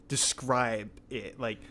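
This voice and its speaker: A young man hosting a podcast, telling a story in a rambling, excitable way with lots of filler words. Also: mid-range voice, very slow, slight background noise. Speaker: podcast host. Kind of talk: casual storytelling chat.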